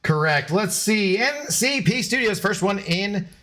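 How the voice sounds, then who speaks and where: Male game streamer, chatty and scattered, slightly higher voice. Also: animated, unhurried, pushed and bright. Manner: chatty and scattered, baby-talking to his dog. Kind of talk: casual live stream chat.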